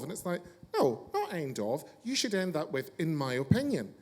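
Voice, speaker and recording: A man's voice: fairly high pitch, wildly swooping pitch, normal speed, a little mellow. A man hosting a casual chat show, ranting brashly with lots of swearing and jokes. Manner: brash, sweary, joking rants.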